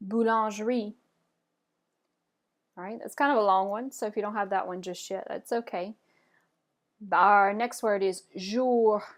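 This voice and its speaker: A woman guiding learners through French sounds in a patient, encouraging way. She says each example slowly and clearly, then prompts her students to try it. Her pitch is in the middle range. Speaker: French teacher. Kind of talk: pronunciation lesson.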